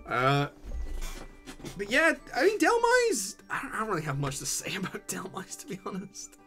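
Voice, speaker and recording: A man co-hosting a casual livestream, joking quickly and swearing casually. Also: high-pitched, wildly swooping pitch, bright, forceful tone, faint music behind. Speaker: co-host.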